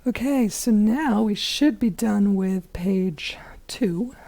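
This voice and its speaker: A hoarse woman teaching biology in a chatty recorded lesson, with many fillers and whispery asides. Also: mid-range voice, takes it slowly, mellow.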